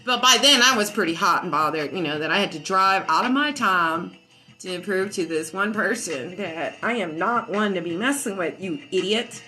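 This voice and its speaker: A woman at home casually telling a story, profane and animated, often laughing as she talks. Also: lowish voice, moderate pace, soft background music, low-quality recording. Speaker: vlogger.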